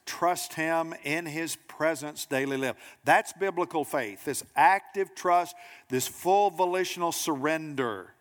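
Animated preacher, slightly high voice. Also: male voice, big-room sound. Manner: animated preaching, acts out quotes, addresses congregation directly. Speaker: pastor. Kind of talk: sermon. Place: church sanctuary.

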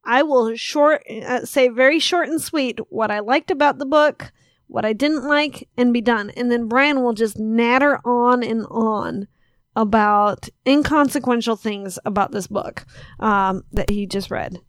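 A woman's voice: fairly high pitch, a little slow, no room sound, clean studio sound. A woman co-hosting a casual podcast, rambling and teasing her co-host as she corrects herself mid-sentence. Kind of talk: casual chat.

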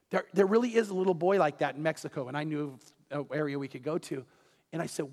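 Middle-aged male pastor, high voice, animated storyteller, long church-hall reverb. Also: quick pace. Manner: animated storytelling, dropping to a hush for quoted lines. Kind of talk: sermon.

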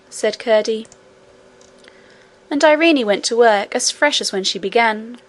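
Woman narrator, fairly high voice, gentle storybook reading. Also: measured pace. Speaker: audiobook reader.

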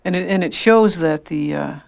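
A radio call-in host who teaches a class on tribal relations, speaking haltingly with many restarts into a close studio mic. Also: mid-range voice, gravelly, no echo, faint music behind. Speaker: radio talk show host.

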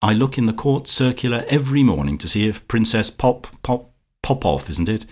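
An imperious village society queen, as a male reader puts her on, her voice pitched well up from his own and dripping with sugary, sarcastic malice. She lays on the sweetness with a cutting edge, the classic haughty lady of a storybook comedy of manners. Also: sing-song, moderate pace. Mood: catty. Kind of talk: audiobook character voice.

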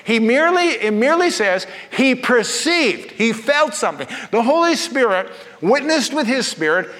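High-voiced man preaching in a reverberant hall. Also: big pitch swings, moderate pace, a bit bright. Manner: folksy storytelling with jokes. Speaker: pastor. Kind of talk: sermon.

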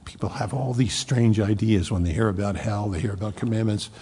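Gravelly-voiced male preacher in a hall. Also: on the low side, fairly quick, a little hiss or hum. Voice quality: gravelly, husky voice. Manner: preaches with strong swings from loud emphasis to hushed near-whispers. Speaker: pastor. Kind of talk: sermon.

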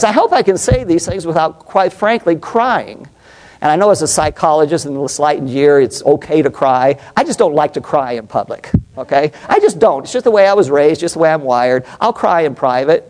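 A man's voice: a little high, animated, moderate pace, a little mellow. A middle-aged man, a pastor and psychologist, preaching a passionate, emphatic sermon and putting questions to the congregation.

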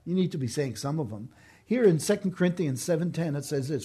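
A man preaching a sermon in a mellow, husky voice. He talks earnestly and with emphasis, repeating his main points to drive them home. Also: on the high side, animated, fairly quick. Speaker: pastor.

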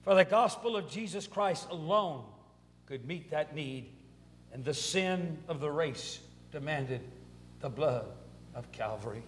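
A male pastor preaching a sermon with a fairly high voice. His delivery rises and surges in waves of conviction. The sound carries a long reverb, like a large church hall. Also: expressive, measured pace, a little hiss or hum. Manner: preaching with swelling intensity.

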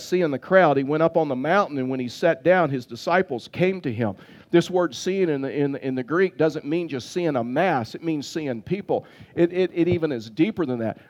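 Male pastor, sermon delivery, slightly raised pitch, rambling anecdotal style. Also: a little mellow. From Texas. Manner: storytelling with frequent repeated words and restarts.

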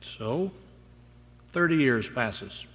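Emphatic preacher in a reverberant hall. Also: male voice, mid-range voice, expressive, extremely slow, fairly bright tone. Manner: storytelling, rising to emphatic declarations. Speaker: pastor. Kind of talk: sermon. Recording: long reverb in a large hall.

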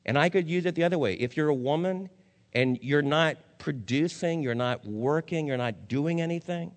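Emphatic preacher, man, in an echoing hall. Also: moderate pace. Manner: emphatic preacher, rhetorical questions to the congregation; wide swings from loud to low and somber. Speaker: pastor. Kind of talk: sermon. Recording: long hall reverb.

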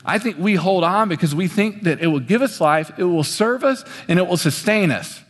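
A young male preacher with a high voice delivers an animated sermon from a stage. His pitch swings as he acts out quoted voices. A long reverb trails each phrase. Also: moderate pace. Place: on a stage in a large hall.

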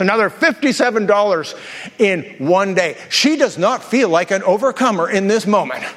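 High-voiced joking pastor preaching. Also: male voice, fairly bright tone, long reverb tail. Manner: jokey storytelling, quick asides and self-repeats. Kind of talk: sermon.

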